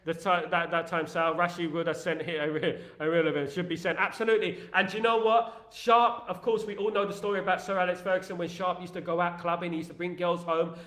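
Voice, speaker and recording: A man hosting a rambling, jokey, excitable casual chat. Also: sits high, fast talker, few pauses, reverberant. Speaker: host.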